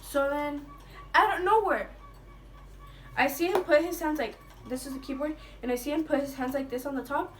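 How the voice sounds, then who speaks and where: A woman's voice: high voice, moderate pace, fairly bright tone, faint music behind. A young woman vlogger chatting through a storytime, swearing freely, leaning on "like" and dropping Spanish slang. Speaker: beauty vlogger telling a story. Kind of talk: casual storytime monologue. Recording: voice a bit distant from the mic.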